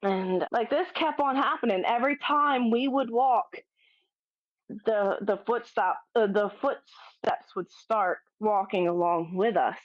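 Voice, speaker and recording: A woman guest telling a story in a casual, animated way, laughing often and restarting sentences. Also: mid-range voice, a little slow, dry recording. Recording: dull, dry lo-fi audio.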